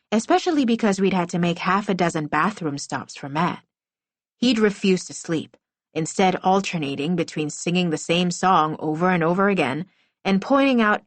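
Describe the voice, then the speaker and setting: A woman's voice: mid-range voice, moderate pace, no room sound. A woman reading a first-person middle-grade novel aloud as an audiobook narrator, telling it expressively.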